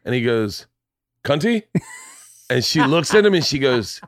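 A man in his forties telling loose, swearing stories as a podcast host, and he slips into other people's voices as he goes. His voice sits at an ordinary pitch for a man. The sound is dry and close to the mic, with no room on it. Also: normal speed, no room sound. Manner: animated storyteller, swears freely, acts out voices. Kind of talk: casual storytelling chat.

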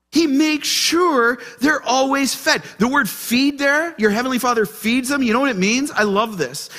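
Animated, bright-voiced male pastor. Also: very high voice. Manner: animated, asks the congregation questions. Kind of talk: sermon. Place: church.

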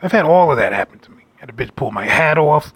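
A man telling a rambling story about a date in a brash, casual monologue with loud asides. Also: on the high side, expressive, fast talker, breathy edge, no room sound. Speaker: dating storyteller.

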